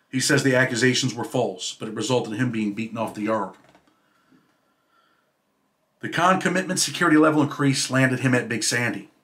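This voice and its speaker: A man reading aloud from his own memoir about prison life, in a steady storytelling way. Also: medium pitch. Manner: steady storytelling read, dropping quieter at sentence ends.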